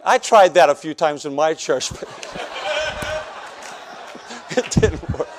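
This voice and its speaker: Male pastor from the northern US, high-pitched, animated testimony preacher who jokes and acts out scenes. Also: takes it slowly, a faint crowd, a little hiss or hum. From northern United States. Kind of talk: preaching a personal testimony sermon.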